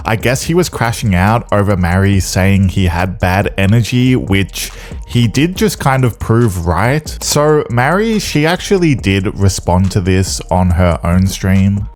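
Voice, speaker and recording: A man with a fairly low voice delivers scripted commentary on online drama. He sounds blunt and dismissive. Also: expressive, unhurried. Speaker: commentary channel host.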